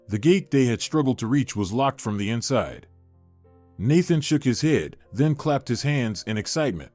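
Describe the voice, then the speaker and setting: A man reads a family story aloud in a steady, scripted way, his voice sitting at a middle pitch. The sound is dry and close to the mic, with faint music behind him. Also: moderate pace, dry recording. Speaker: narrator. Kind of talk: scripted narration.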